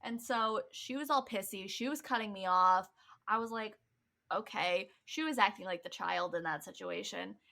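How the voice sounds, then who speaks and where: A woman's voice: mid-range voice, moderate pace, vocal fry, sharp tone. A young woman co-hosting a podcast, telling a school story in casual chat, laughing often and acting out what people said. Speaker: podcast co-host.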